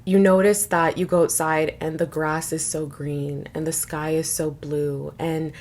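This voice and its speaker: Young woman chatting on her vlog, kinda low voice, rambly and earnest, lots of "like". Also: flat delivery, a little slow, darkish tone. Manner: earnest, rambling, frequent "like" fillers. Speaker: spiritual vlogger. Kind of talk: casual personal vlog.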